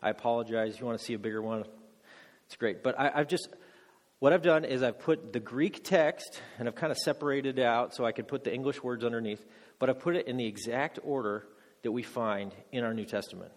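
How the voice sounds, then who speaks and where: An adult man, a married father, preaches a teaching sermon to a congregation in a mid-range voice at a fairly quick pace. He jokes about himself and quizzes the audience with questions, with the long echo of a large hall around him.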